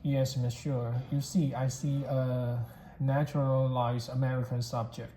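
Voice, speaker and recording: Reader doing a bragging italian salesman who won't stop talking, dark flat voice, echoey. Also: mid-range voice, unhurried, natural voice. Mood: boastful. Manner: gushing, boastful. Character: boastful Italian salesman, man, cheerful. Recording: echoey room, faint background hiss.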